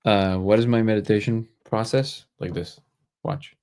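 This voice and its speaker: Low-voiced man hosting a casual livestream. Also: normal speed. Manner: relaxed, thinks aloud, joking asides. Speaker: livestream host. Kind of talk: casual live chat answering viewer comments.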